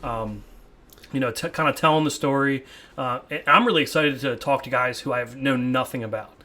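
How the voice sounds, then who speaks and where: A bright, forceful young man hosts a laid-back podcast from his home man cave. He rambles, trips over repeated words and breaks into laughs as he goes. His tone stays loose and chatty. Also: mid-range voice, moderate pace. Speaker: podcast host. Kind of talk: casual chat.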